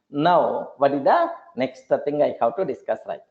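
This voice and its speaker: Lively, high-voiced man teaching programming. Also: measured pace, gravelly. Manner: repeats points, checks for understanding often. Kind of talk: classroom lecture. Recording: dull lo-fi recording.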